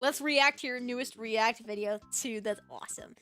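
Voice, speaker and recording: An American woman with a Californian Valley Girl accent streams as a VTuber, chatting casually and giggling while she reads chat. Her voice is fairly high and a bit bright at a moderate pace, with faint music in the background.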